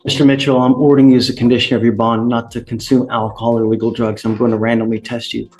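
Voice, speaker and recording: A man's voice: medium pitch, flat delivery, fast talker, a little mellow, soft background music. A man, a judge sternly warning defendants at a courtroom hearing.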